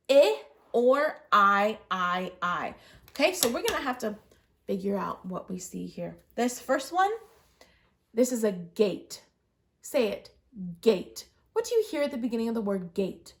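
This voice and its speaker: A woman reading teacher leads a letters lesson for young children, speaking slowly and with a somewhat high voice. She is patient and encouraging, modelling each stroke and sound, then asking the children to repeat it with her. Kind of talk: early literacy lesson, guiding children through letter formation.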